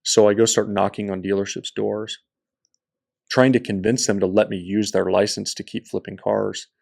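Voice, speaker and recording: A man, an entrepreneur guest on a podcast, telling his story in a lively way and acting out the people in it. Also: on the low side, moderate pace, gravelly. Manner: animated storyteller who acts out quoted people. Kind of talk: storytelling interview.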